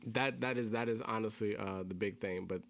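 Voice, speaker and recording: A man's voice: on the low side, steady tone, brisk, creaky, fairly bright tone. A young man hosting a casual podcast chat, explaining things earnestly and repeating key phrases for emphasis. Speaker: podcast host.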